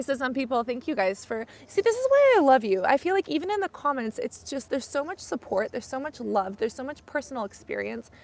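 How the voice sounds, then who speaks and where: Young female streamer, chatty and rambling, slightly high voice with vocal fry. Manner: chatty, rambling, frequent "like" and "you know". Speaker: skincare YouTuber hosting a live stream. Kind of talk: casual live-stream chat.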